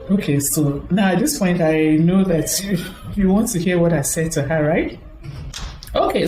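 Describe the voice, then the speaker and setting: A woman speaking to an audience in a motivational talk, telling a personal story and acting out the voices of the people in it. Her pitch swings widely and her tone stays warm and mellow. The recording sounds roomy and echoey, with a faint hum of ambience behind her. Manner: acts out quoted voices, lively and chatty.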